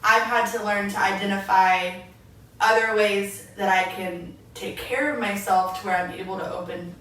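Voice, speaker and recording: A young adult woman co-hosts a podcast, speaking at medium pitch and normal speed as she tells stories in casual chat. She's an animated storyteller who acts out and quotes her own past words. The room is echoey, the mic sits far off, and there's faint noise.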